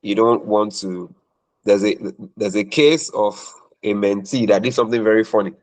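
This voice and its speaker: A man's voice: on the low side, moderate pace, rough recording. A man talking as a career mentor in a question-and-answer session, emphatic and preachy, repeating points for stress.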